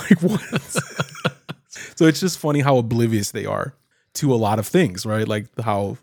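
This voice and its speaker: A man in casual podcast chat who laughs a lot and keeps slipping into little acted-out quotes. The recording is dry with no room sound. His pitch sits in the middle range. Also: measured pace, gravelly, dry recording. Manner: laughs often, acts out quotes in animated voices. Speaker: podcast co-host. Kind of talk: casual chat recapping a show.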